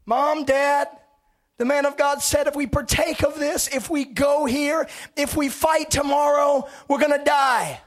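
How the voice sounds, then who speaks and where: A preacher acting out a frightened young son who cries out to his mother and father in panic, shouting and pleading. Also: high voice, animated, slow pace, long pauses, exaggerated voice. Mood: scared pleading. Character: terrified young son crying to his parents.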